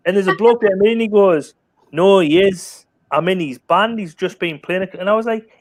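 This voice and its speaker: A man tells a lively, rambling story and acts out everyone's lines as he goes. The sound is close and dry, with no room around it. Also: high-pitched, normal speed, dry recording. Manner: lively anecdotal storytelling, acting out other people's lines. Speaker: guest on a chat stream. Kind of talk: casual chat, telling a funny story.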